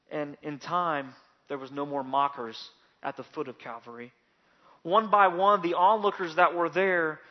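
A man preaching a sermon, telling the story dramatically and building to loud, emphatic peaks. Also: a little high. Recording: dull lo-fi recording.

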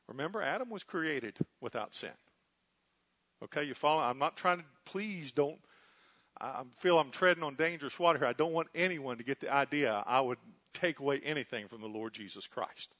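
A man preaching a sermon, earnestly teaching and often checking that his listeners follow, swinging between loud emphasis and quiet asides. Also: a little high.

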